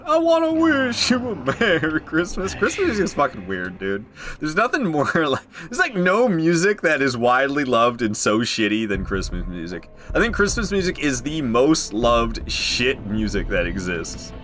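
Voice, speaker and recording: A man's voice: mid-range voice, sing-song, normal speed, fairly bright tone, faint music behind. A man streaming a video game, rambling and joking through casual commentary and swearing freely.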